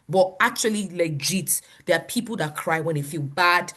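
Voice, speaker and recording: Animated Nigerian woman pastor. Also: on the low side, a little fast, few pauses. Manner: animated, laughs often, quotes people in voices. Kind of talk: conversational teaching.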